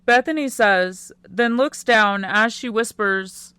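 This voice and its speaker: A woman narrating a first-person teen romance audiobook in a quiet, unhurried way. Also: a little high, smooth, no echo.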